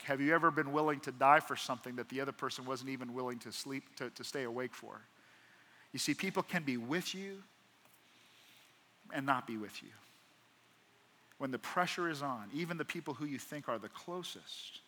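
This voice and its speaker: A man preaching a sermon as pastor, swinging from hushed to emphatic and acting out prayers. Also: medium pitch, normal speed. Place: church auditorium. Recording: long church hall reverb.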